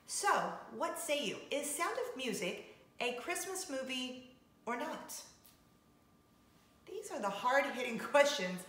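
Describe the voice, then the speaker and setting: A chatty woman talks to camera from her home kitchen in an easygoing, upbeat way, often breaking into laughter. Her voice is bright and sits fairly high. The room echoes around her. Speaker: vlog host, former radio host. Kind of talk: casual chat to camera. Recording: roomy echo.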